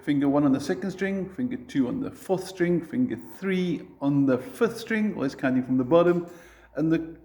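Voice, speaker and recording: Patient man teaching guitar, mellow voice. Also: on the high side, expressive, moderate pace. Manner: patient, counts beats aloud. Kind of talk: guitar lesson.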